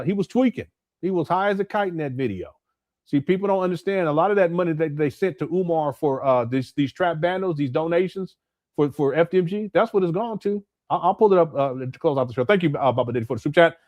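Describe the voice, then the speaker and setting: A man's voice: fairly high pitch, a little mellow, no room sound. A man hosting a live stream, giving blunt, emphatic commentary and reading viewer super chats aloud, often repeating words as he restarts.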